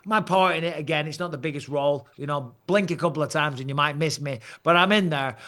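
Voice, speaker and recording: A man, a guest on an interview show, telling stories in a lively way and laughing often. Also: fairly high pitch, fast. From Britain. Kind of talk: casual interview chat.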